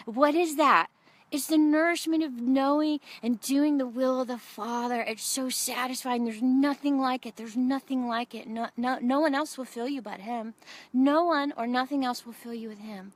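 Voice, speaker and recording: A woman's voice: sits high, moderate pace. A middle-aged woman preaching a sermon, telling funny stories and acting out the voices in them. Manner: animated storytelling, acts out quotes.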